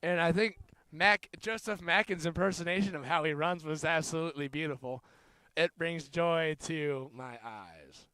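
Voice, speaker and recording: Young male rugby caller, high smooth voice, jokey, builds excitement on big plays, dry close sound. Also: moderate pace, no room sound. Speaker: student play-by-play commentator. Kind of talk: amateur sports commentary.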